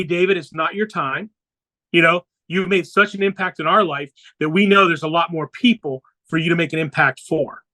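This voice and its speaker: A man with a high, bright voice tells a personal story as a podcast guest. He speaks earnestly and slips into the voices of the people he quotes. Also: poor audio.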